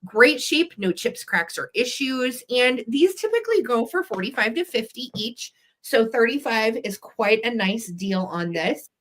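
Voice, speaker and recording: A woman's voice: fairly high pitch, sing-song, a little slow, few pauses, fairly bright tone. A woman hosting a live vintage sale, chatty and upbeat, running auction countdowns. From western United States. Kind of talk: live selling chat.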